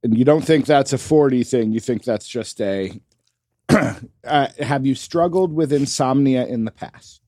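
A man's voice: mid-range voice, unhurried, dark tone, dry recording, studio quality. A man co-hosting a podcast in casual chat, teasing and questioning his co-host with mock formality.

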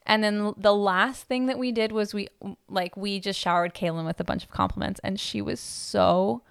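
A woman's voice: mid-range voice, fairly even intonation, normal speed, vocal fry, clear, resonant tone, no room sound, studio quality. A young adult woman co-hosting a podcast, talking in an earnest, chatty way with lots of fillers. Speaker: podcast co-host. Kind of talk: casual podcast chat.

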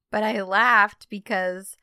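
A woman's voice: mid-range voice, sharp tone, clean tone, dry recording, studio quality. A woman in her thirties co-hosting a podcast, joking sarcastically and laughing along in casual chat. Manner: playful, laughing, sarcastic agreement. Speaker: podcast co-host.

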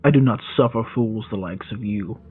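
A man's voice: on the low side, normal speed, close to an everyday voice. A stern, proud prisoner, as a man plays him in a tabletop game. He speaks curtly, as if giving orders. The sound is dull and muffled, with a faint hiss. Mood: scornful.

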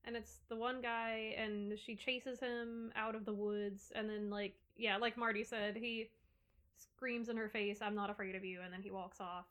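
Woman, casual podcast chat, higher pitch, filler-heavy. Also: level tone, a little slow, fairly bright tone.

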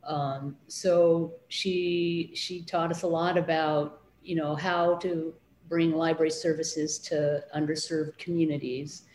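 Low-voiced woman recalling, echoey room. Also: little pitch movement, slow pace, few pauses, darkish tone, slight background noise. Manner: hesitant, many fillers and restarts. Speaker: interviewee, children's librarian. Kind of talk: casual interview recollection.

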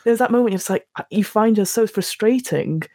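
Woman with a gravelly voice, telling stories animatedly. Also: medium pitch, brisk, dry recording, clean studio sound. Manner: animated storytelling, acts out quotes, restarts often. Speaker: podcast co-host reviewing films. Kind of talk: casual chat.

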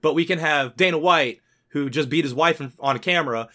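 Male podcast co-host, bright and forceful tone, heated and profane. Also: fairly high pitch, fairly quick. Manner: heated, swearing rants. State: sick. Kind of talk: casual podcast chat.

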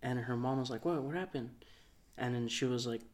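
Chill guy on a podcast telling a long story, quiet, says like a lot, normal pitch. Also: a little fast. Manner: rambling, soft-spoken, lots of "like". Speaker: podcast co-host. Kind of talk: casual storytelling.

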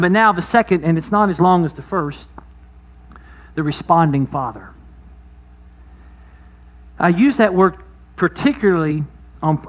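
A man preaching a sermon, asking the congregation rhetorical questions, his voice rising loud and then dropping soft. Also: high-pitched. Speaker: pastor.

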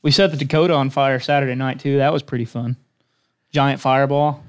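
A man's voice: medium pitch, fairly even intonation, brisk. A young man, a demolition derby driver, casually telling stories as a guest in a chat. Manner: matter-of-fact, swears casually.

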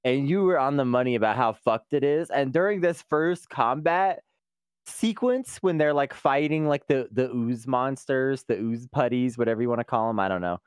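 A podcast guest chatting casually, animated, swearing and laughing easily. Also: mid-range voice, moderate pace, clean tone, no room sound, studio quality. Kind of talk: casual chat.

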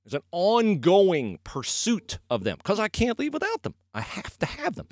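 Animated folksy male podcast host. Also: sits high, normal speed, no echo, studio quality. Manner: animated, folksy, emphatic repetition. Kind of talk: casual sports and faith podcast talk.

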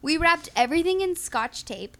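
A young woman co-hosting a podcast, telling a crude story in casual chat, animated and laughing often. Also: very high voice, moderate pace, a little hiss or hum. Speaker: podcast co-host.

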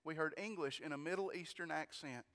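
A man delivers a storytelling sermon in a high, smooth and resonant voice. He talks in an animated way, doubling his words and exclaiming praise. His voice rings with a long reverb, as in a large church hall. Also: brisk. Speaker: preacher.

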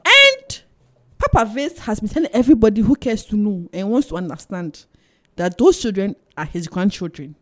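A woman's voice: mid-range voice, normal speed. A woman in casual podcast chat whose voice swings widely up and down as she retells scenes with lots of emphasis. She repeats phrases for effect and laughs easily. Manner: animated, emphatic, laughs often. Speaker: podcast guest.

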